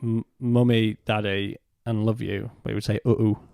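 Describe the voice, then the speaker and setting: A man, a podcast guest, telling a personal story in a halting way and retelling what was said in his own words. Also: lowish voice, flat delivery, gravelly, darkish tone, smooth, dry recording, clean studio sound.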